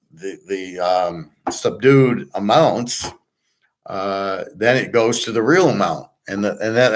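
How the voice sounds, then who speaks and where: A man talks in a loose, rambling monologue as the host of his own show. He is blunt and profane, often restarting his sentences and trailing off into fillers before pressing his point again. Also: medium pitch. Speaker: podcast host and betting tipster.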